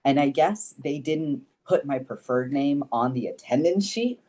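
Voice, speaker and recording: Young guy on a podcast, mellow low-key tone, swears a lot and laughs. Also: measured pace. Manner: animated, swears freely, laughs often. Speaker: podcast guest. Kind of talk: casual storytelling.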